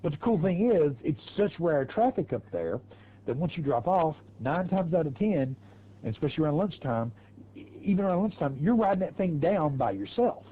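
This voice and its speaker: A man's voice: a little high, big pitch swings, moderate pace, narrow, tinny audio. A man streaming a racing game, telling crude stories in a rambling, laughing way. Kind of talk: casual storytelling while gaming.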